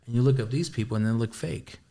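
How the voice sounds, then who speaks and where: A man in casual podcast talk at a middle pitch, telling his story with animated energy. His speech is loaded with slang and swearing, and he acts out his own reactions as he goes. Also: fast, gravelly. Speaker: podcast guest. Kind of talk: casual chat.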